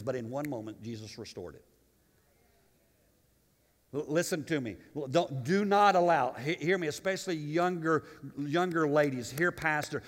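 A man preaching with fervor, his fairly high voice rising into loud declarations, then dropping into quiet asides. His sermon rings with the long reverb of a church sanctuary. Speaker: pastor.

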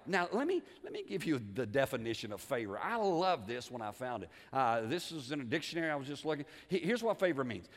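A man preaching a sermon as pastor, animated, moving between quiet asides and loud emphasis, repeating words and asking the congregation questions. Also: a little high, fairly quick, hardly any pauses. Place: church sanctuary. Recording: long reverb of a church hall.

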